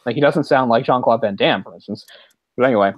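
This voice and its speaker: A man hosting a podcast, chatting casually about movies in a rambling, animated way with quick laughs. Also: medium pitch, dry recording, dull audio. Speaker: podcast host.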